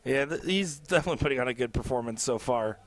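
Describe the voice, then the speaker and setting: A man's voice: mid-range voice, lively intonation, fast talker. A male color commentator in a commentary booth at a live darts match, chatty and jokey, rambling with lots of fillers.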